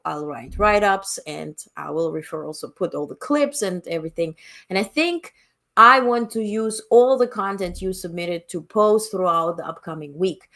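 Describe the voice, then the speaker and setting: A woman's voice: lowish voice, fairly bright tone. A woman with a non-native English accent hosts a live stream at her desk mic. She talks bluntly and with energy, her voice swinging widely as she reads out chat comments. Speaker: livestream host.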